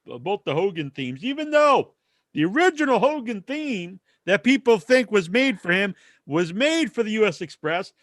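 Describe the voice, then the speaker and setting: Male podcast host, high voice, casual and opinionated, dry recording. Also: big pitch swings, normal speed, a bit bright, dry recording. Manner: opinionated, ranting. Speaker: podcast host reading listener questions. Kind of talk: casual wrestling podcast chat.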